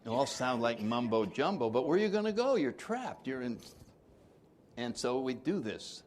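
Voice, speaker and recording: A man's voice: medium pitch, big pitch swings, moderate pace, a little mellow. A man leading a twelve-step recovery workshop, joking with the room and acting out the people he quotes. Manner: jokey, acts out quoted voices, laughs often.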